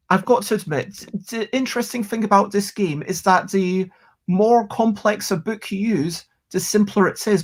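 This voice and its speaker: Slow-talking streamer, excitable. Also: mid-range voice. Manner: chatty, warm thanks to viewers, excitable bursts. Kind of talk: live-stream chat while playing a word game.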